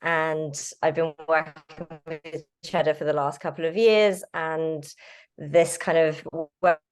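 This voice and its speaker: A woman with a notably low, deep voice hosts a casual conversation. She talks in a relaxed, easygoing way, pausing on little fillers as she introduces her guest. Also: smooth. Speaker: host.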